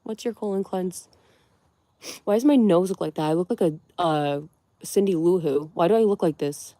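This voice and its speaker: A young woman with a somewhat low-pitched voice hosts a relaxed livestream. She chats freely and giggles often as she answers her viewers' comments. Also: moderate pace, dry recording. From Connecticut, USA. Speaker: livestream host. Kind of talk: casual livestream chat with viewers.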